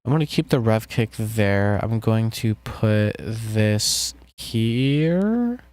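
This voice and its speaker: A man's voice: fairly low pitch, slow pace, dry recording. A man making music on a live stream, chatting casually with viewers and joking as he works. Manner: relaxed, jokey, talks to chat while working.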